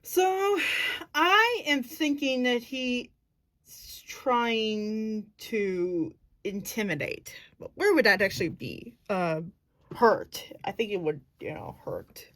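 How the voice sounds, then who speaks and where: A woman's voice: a little high, animated, slow, fairly bright tone, no room sound. A woman casually explaining her acting technique. She thinks aloud, searches for words and corrects herself as she goes. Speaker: acting student.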